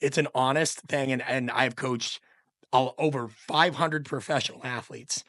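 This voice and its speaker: A man's voice: medium pitch, steady tone, a little slow, a bit bright, dry recording. A middle-aged man speaking as a podcast guest, an opinionated coach talking in a passionate, emphatic, ranting way. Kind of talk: podcast conversation.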